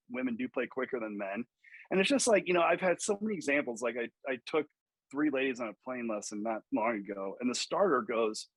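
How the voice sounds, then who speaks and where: Animated, husky-voiced golf coach. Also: male voice, medium pitch, no room sound, rough recording. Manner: animated storyteller, acts out quotes, swears freely. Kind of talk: podcast interview.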